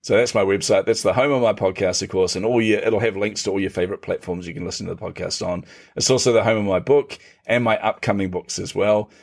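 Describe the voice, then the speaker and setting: A man's voice: fairly low pitch, fast talker. A middle-aged man, a podcast guest, telling stories conversationally, laughing often and acting out what others said. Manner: animated, laughs often, acts out quotes. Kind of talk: conversational storytelling.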